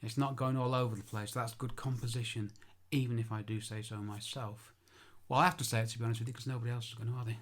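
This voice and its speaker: A man's voice: medium pitch, fairly even intonation, quick pace, hardly any pauses. A man who works as an architectural photographer, giving an informal spoken tutorial. He chats, makes self-deprecating asides and corrects himself aloud.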